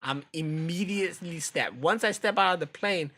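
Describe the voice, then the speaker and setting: A man's voice: on the high side, normal speed, pushed and bright. An American man streaming, chatting casually and profanely while reacting to videos, often laughing. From United States.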